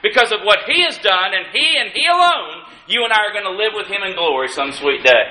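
Pastor, male, high bright voice, folksy sermon style with wry asides, roomy church sound. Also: lively intonation, a little fast. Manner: folksy preaching with dry humorous asides; rises in emphasis on key lines. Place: church sanctuary. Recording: echoey room. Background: congregation calling out amens.

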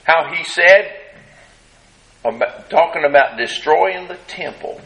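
A man preaching a sermon, retelling a scene dramatically and acting out the crowd's shouts. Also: on the high side, expressive, low-quality recording. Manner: slow, drawn-out delivery with long pauses.

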